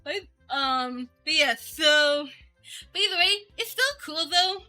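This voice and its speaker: A VTuber streamer with a high-pitched, sharp voice and lively intonation chats slowly and casually with viewers, faint music behind her. She's bubbly and giggles frequently.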